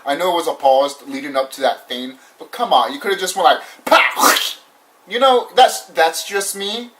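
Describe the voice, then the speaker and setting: A young man casually ranting through a movie review, animated and repetitive, swearing often and laughing now and then. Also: a little high, brisk, very noisy. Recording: voice somewhat far from the mic.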